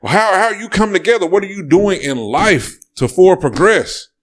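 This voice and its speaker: A man's voice: high voice, very animated, moderate pace. Emphatic profane man on a podcast. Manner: emphatic, repeats phrases, profane. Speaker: podcast co-host. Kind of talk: casual podcast talk.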